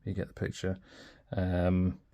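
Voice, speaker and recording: A man's voice: sits low, monotone, a little slow, mellow, dull audio. A man chatting informally and thinking aloud in a casual pen review.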